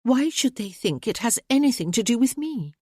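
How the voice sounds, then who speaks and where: Woman voicing a tart young gentlewoman. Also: on the high side, very animated, normal speed, breathy edge, no room sound, studio quality, voice pushed up. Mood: indignant. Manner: poised, tart, spirited. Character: sharp-witted young gentlewoman.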